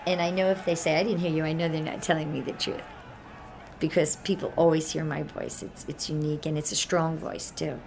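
Low-voiced female trader on a noisy floor. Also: little pitch movement, fairly quick, creaky, darkish tone. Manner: confident and matter-of-fact about her own strong voice. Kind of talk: documentary interview.

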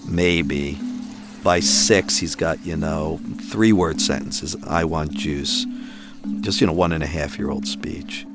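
A man recounting a story about his son, animated and acting out the voices of the people in it. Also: very deep voice, unhurried, over loud music. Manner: animated, acts out the voices of others. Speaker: father telling a family story. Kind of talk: storytelling in an audio documentary.

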